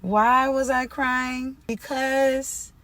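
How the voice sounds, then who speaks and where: A woman telling a storytime vlog about her music career, swinging from loud exclamations to quiet near-tearful murmuring. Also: high voice, fairly even intonation, drawn-out words. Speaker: singer-songwriter.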